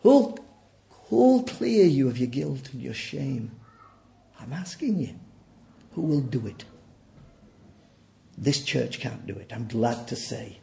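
A man's voice: very animated, slow pace, creaky, pauses often. Preacher man with a roomy echo. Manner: swings from quiet low asides to loud, high, near-shouted peaks. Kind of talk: sermon. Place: church.

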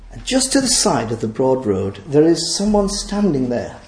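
A man's voice: medium pitch, very animated, normal speed, hardly any pauses, darkish tone, slight background noise. A man preaching a sermon, earnest, painting scenes vividly for his listeners. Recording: echoey room.

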